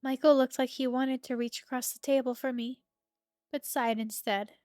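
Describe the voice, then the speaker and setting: A young woman streamer reading a romance game's narration aloud in a steady storybook manner, close to her microphone. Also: high-pitched, moderate pace, no room sound, faint music behind. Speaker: streamer reading a visual novel.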